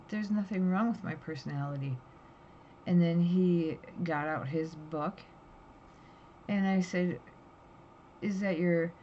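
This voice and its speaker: A woman's voice: fairly low pitch, mellow. A woman telling a candid story in a personal vlog, tired and drowsy, talking in a raw, rambling, emotional way. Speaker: vlogger. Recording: dull lo-fi audio with faint background hiss.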